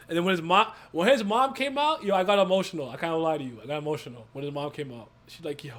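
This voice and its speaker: A young man hosting a casual movie review chat, animated and swearing, often laughing. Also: a little high, brisk. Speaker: podcast host.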